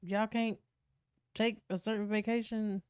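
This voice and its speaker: A woman's voice: mid-range voice, little pitch movement, a little slow, darkish tone, clean tone, no echo, clean studio sound. A woman hosting a reaction show, tossing blunt, sassy quips between clips. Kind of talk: casual reaction commentary.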